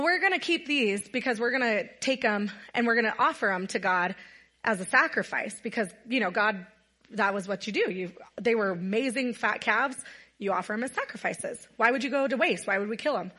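A woman's voice: a little high, a bit bright. A woman giving a casual, earnest sermon to a gathered audience, telling a Bible story conversationally. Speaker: women's night speaker.

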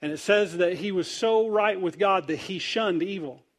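High-voiced preacher, animated and playful. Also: male voice, normal speed. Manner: animated storytelling, acts out quoted voices, wide swings in loudness. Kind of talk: humorous sermon.

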